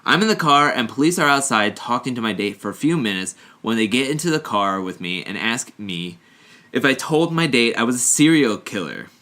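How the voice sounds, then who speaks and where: Male co-host, bright voice, casual rambling banter full of jokes and laughter. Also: medium pitch, animated, fairly quick. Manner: joking, rambling, laughs often. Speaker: podcast co-host. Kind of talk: casual chat, reading stories aloud.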